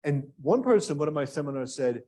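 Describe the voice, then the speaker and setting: A man's voice: on the high side, big pitch swings, brisk, dark tone. A man teaching a grant writing workshop to a live room and online audience, asking questions and drawing the listeners in. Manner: engaging, asks the audience questions. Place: classroom with live and remote audience.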